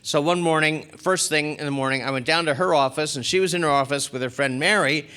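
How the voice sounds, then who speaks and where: A middle-aged man speaks at a recovery convention with a bright, forceful voice pitched a little high. He tells his story animatedly and slips into the voices of the people in it. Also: fairly quick, clear, resonant tone. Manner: animated storyteller acting out quoted characters. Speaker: spiritual speaker. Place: large convention hall.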